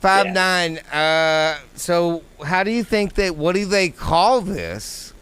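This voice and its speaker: A man's voice: high-pitched, animated, slow, a bit bright, smooth. A man hosting a live talk show, rambling and profane in casual chat. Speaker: radio show host.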